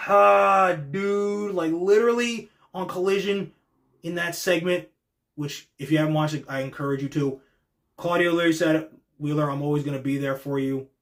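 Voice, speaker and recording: A young man hosts a casual wrestling reaction show, talking in a fairly high voice. He is excitable and slangy, and he swears freely. He breaks into high, pleading impressions of the wrestlers. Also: moderate pace.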